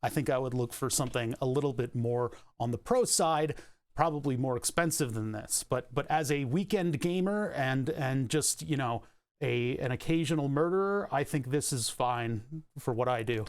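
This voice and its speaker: This streamer fixes a printer on a livestream, speaking at an ordinary pace in a medium-pitched male voice. His chatter is relaxed and jokey, full of sarcastic remarks and frequent chuckles, picked up by a headset or desk microphone.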